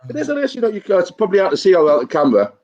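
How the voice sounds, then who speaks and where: A man's voice: high-pitched, sing-song, very fast, muffled recording, a crowd in the background. A man, a guest joking cheekily through casual banter on a video call. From England. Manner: cheeky, joking, laughing through his stories. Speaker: guest, fan taking over the show.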